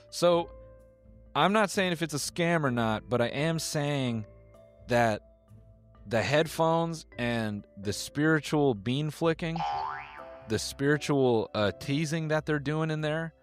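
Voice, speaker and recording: A man giving comedic commentary, cracking sarcastic jokes between reading posts aloud. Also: medium pitch. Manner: joking, sarcastic asides.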